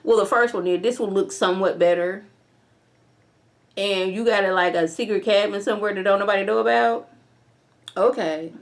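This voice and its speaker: A woman's voice: medium pitch, normal speed, pauses often. A young woman casually recapping and reviewing a TV episode in an opinionated, slangy way. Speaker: TV show reviewer.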